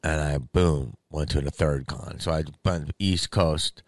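Male comedian, very low voice, sick with covid, rambling profane storytelling. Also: measured pace, no room sound. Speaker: stand-up comedian. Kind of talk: casual storytelling monologue.

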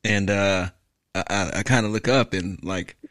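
A man's voice: lowish voice, fairly even intonation, moderate pace, fairly bright tone, dry recording, clean studio sound. A man and military veteran, telling a crude, profane story in casual podcast banter.

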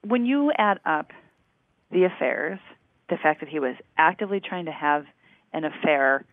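A co-host talking through a true-crime case in a measured, analytical way, stopping and restarting often. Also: mid-range voice, lively intonation, dry recording. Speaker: podcast co-host. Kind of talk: casual chat about a true-crime series. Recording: tinny phone-like remote line.

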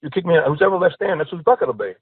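Stubborn country farmer, blunt and bargaining, played by a man in his own slightly high voice, fast, over a phone-thin line. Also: very animated, slightly rough, no echo, narrow, tinny audio. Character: stubborn middle-aged male farmer.

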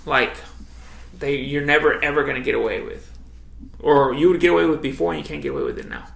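A man's voice: a little high, very animated, quick pace, vocal fry, a bit bright. A young man co-hosting a podcast in casual chat, laid-back, swearing freely and saying "dude" all the time. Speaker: podcast co-host. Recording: echoey room.

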